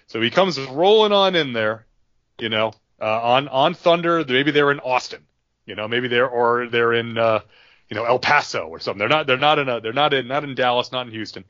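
A man's voice: medium pitch, brisk, a bit bright, no echo, lo-fi sound. A man hosting a podcast, spinning a story in rambling, filler-heavy casual chat. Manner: rambling, with many fillers and restarts. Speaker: podcast host.

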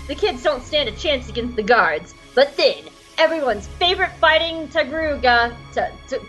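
A woman co-hosting a podcast, giving an animated comedic episode recap and laughing at her own slips. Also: high voice. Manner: animated, laughing, self-correcting. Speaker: podcast co-host. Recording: dull lo-fi sound with faint music.

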